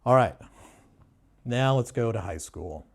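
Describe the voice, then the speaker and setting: A man giving a sarcastic, mock-serious book review in a deadpan way. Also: medium pitch, measured pace, creaky. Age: adult. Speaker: booktuber.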